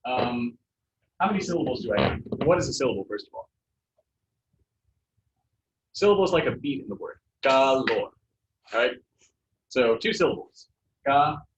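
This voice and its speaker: A man's voice: mid-range voice, sing-song, a little fast, pauses often, noisy background. A man teaching a Spanish pronunciation lesson to a class, explaining casually with many fillers. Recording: echoey, distant, dull classroom recording.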